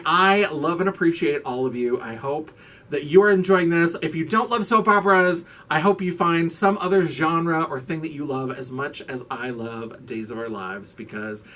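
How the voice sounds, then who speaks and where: A man's voice: fairly high pitch, a bit bright, distant mic. A man hosting his own vlog in casual chat, gushing and campy, swearing freely as he raves. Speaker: vlogger host.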